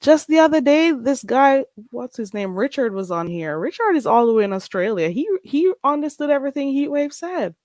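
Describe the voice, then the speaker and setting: A woman with a Caribbean accent hosting a casual livestream chat, emphatic and animated, often laughing as she talks. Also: high-pitched, brisk, few pauses, dry recording. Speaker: livestream host.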